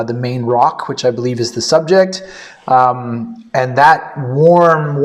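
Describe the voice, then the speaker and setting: A man from Canada, giving a casual, rambling photo critique full of fillers. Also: medium pitch. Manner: rambling, filler-heavy and upbeat.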